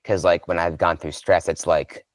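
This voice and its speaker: Very deep-voiced male podcast host. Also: level tone, normal speed, dry recording. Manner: affirming, asks reflective questions with fillers. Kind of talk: casual conversational interview.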